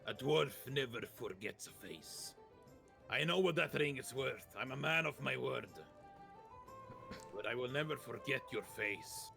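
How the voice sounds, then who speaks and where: A man voicing a grumpy, proud dwarf in a tavern, gruff and blustering. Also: medium pitch, animated, pushed and bright, soft background music, exaggerated voice. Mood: grudging. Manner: gruff, quick to bluster and slam the table.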